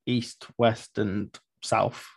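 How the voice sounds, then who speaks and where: A man's voice: on the low side, flat delivery, very slow, creaky, breathy edge, no echo. A man with a Yorkshire accent co-hosting a podcast, chatting casually and dropping dry, teasing asides. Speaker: podcast co-host. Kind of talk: casual chat.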